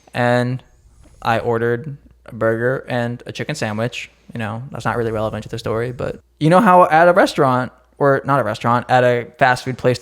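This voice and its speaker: A young man co-hosting a casual podcast, telling rambling stories full of fillers. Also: medium pitch. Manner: rambling storytelling with frequent fillers. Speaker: podcast co-host. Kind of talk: casual chat.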